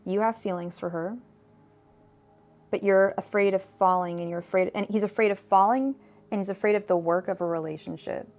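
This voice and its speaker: A woman's voice: mid-range voice, fairly even intonation, brisk, a little mellow. A woman reading tarot cards on a live stream, chatty and digressive, full of fillers and restarts. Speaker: tarot reader.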